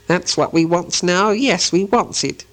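Brief: a man doing a miserable, greedy creature voice for an audiobook, high and whispery, slow and wheedling, clutching his treasure. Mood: gloating. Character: wretched hungry creature hissing over his ring. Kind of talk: audiobook character voice.

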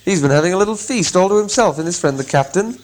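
A man voicing a band of merry, jeering young male elves in a storybook reading, pitching his voice up high. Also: expressive, quick pace, low-quality recording. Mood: mocking. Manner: high, mocking, boisterous.

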